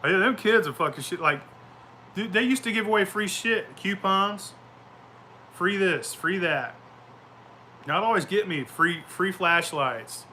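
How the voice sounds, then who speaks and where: Bright-voiced, profane storytelling man. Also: high voice, expressive, measured pace, pauses often, slight background noise. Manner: profane, rambling, laughing storyteller. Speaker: vlogger. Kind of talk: casual chat. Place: outdoors at home.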